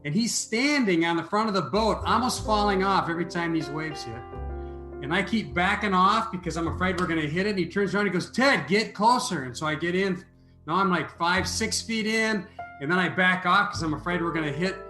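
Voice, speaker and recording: A man tells a story as a podcast guest, his voice sitting a little high. He gets animated when he reaches the dialogue and often restarts a sentence. The recording sounds roomy, with faint music underneath. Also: fairly quick. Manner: animated storyteller, repeats words when starting. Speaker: interview guest, author.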